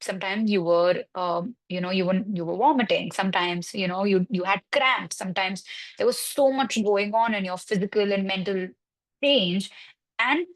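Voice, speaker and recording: A woman's voice: mid-range voice, rough recording. A woman counseling psychologist in a webinar discussion, reassuring and explaining with everyday examples. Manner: reassuring, explains with examples and quoted parent worries.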